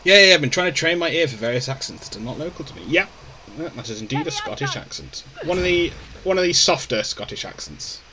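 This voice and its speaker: A man's voice: a little high, very animated, fast, noisy background. A man giving casual, wry commentary while playing a video game. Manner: chatty, wry, talks back to the game. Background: game music and dialogue.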